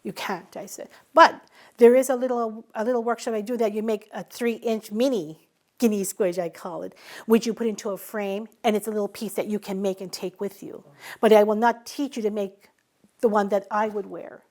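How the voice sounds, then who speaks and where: A middle-aged woman who teaches a traditional craft, telling stories in an unhurried conversational way and acting out the dialogue she quotes. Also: medium pitch, steady tone. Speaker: Mi'kmaw craft teacher and guest speaker. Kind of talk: storytelling in a recorded conversation.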